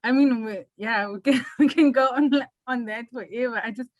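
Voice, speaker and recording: A woman moderating a panel, asking her questions in a measured, hesitant way. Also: fairly high pitch, no echo, dull audio. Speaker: moderator, filmmaker. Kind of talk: panel discussion.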